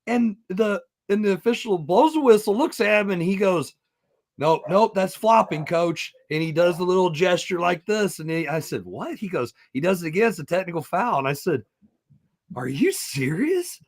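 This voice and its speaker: A man who coaches, co-hosting a podcast and excitedly telling a story in casual chat, laughing as he goes. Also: high voice, moderate pace, vocal fry.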